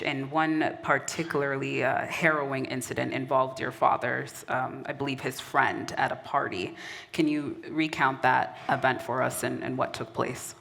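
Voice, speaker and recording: A woman interviewing on stage, asking measured, halting questions. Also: rumbling low, vocal fry, a bit bright. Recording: reverberant hall with faint noise.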